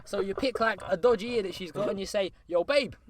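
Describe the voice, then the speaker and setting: A man's voice: high-pitched, quick pace, a crowd in the background. A young English man co-hosting a comic podcast, giving mock advice in an exaggerated put-on street-slang voice. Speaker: podcast co-host.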